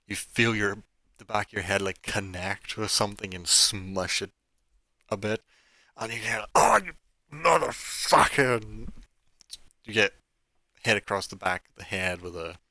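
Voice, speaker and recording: A man's voice: lowish voice, level tone, a little slow, long pauses, pushed and bright, no room sound. A man narrating a tabletop game as dungeon master, casual and full of fillers. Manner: casual, with many fillers like "like" and "kinda".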